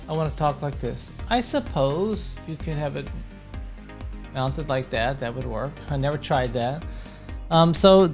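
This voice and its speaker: A man giving a casual product demo at his home desk, explaining while he handles the gear, with frequent ums and uhs. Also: on the high side. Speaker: gear reviewer and teacher.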